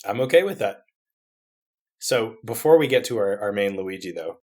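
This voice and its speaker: A man's voice: lowish voice, expressive, normal speed, darkish tone. A man co-hosting a comedy podcast, playfully chiming in with jokes. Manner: playful, eager, adds jokes. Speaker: podcast co-host. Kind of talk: casual comedic chat.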